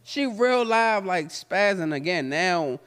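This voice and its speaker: A man hosting a candid talk, telling personal stories full of swearing and laughter, then turning quiet and reflective. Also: sits high, animated, slow pace, smooth. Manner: profane, laughs often while telling stories; turns quiet and reflective when serious. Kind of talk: candid storytelling conversation. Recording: long hall reverb.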